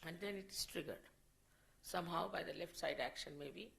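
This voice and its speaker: A woman speaking as a spiritual teacher, giving an unscripted lecture in a slow, measured way and often repeating her phrases. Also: lowish voice, gravelly, fairly bright tone, poor audio.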